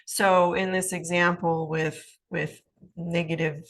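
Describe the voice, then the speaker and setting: A woman's voice: on the low side, little pitch movement, slow pace, fairly bright tone. A woman hosting a casual advice talk, chatting loosely with many fillers and asides, and acting out little quoted scenes. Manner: chatty, rambling, lots of fillers and "right?"; acts out little quoted scenes in changed voices. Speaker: podcast host, life coach.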